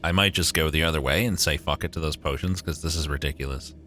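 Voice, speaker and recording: A man's voice: very deep voice, fast, pushed and bright, a little hiss or hum. A young man streaming a game live, chatting with his viewers, swearing often and joking sarcastically.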